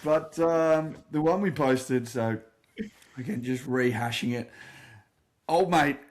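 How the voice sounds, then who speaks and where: An Australian man co-hosting a podcast, telling a story in a casual, animated way and laughing through it. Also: medium pitch, slow pace. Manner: animated yarn-spinner, quotes others loudly, laughs through stories. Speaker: podcast co-host.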